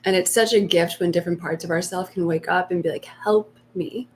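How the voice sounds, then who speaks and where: Soft-spoken woman coaching on a live stream. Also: on the low side, fairly even intonation, a little hiss or hum. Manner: soft, slow and reflective, acting out inner voices in hushed tones. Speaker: meditation coach.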